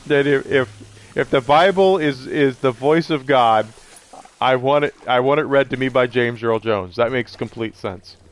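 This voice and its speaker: A man's voice: mid-range voice, measured pace. A middle-aged man streaming live, rambling casually and answering his viewers' chat messages.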